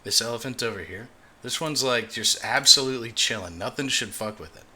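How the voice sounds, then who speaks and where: A man's voice: mid-range voice, brisk, sharp tone. A man live-streaming, chatting casually as he reacts to a video, swearing and laughing often. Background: faint music.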